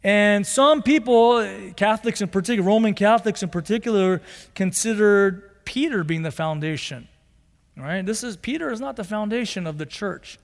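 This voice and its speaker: High-voiced emphatic male pastor in a reverberant hall. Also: moderate pace. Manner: emphatic, builds to high-pitched declarations; conversational asides and rhetorical questions. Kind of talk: sermon. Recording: long reverb of a large hall.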